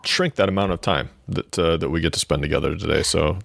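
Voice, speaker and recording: A man's voice: sits low, quick pace, creaky, fairly bright tone, dry recording. A man co-hosting a money radio show, teasing his partner with dry sarcasm. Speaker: radio co-host. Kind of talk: casual banter.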